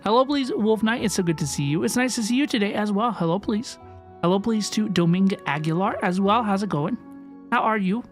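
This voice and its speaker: A woman VTuber streaming live, bubbly and excitable as she greets her chat by name. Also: medium pitch, fairly quick, soft background music.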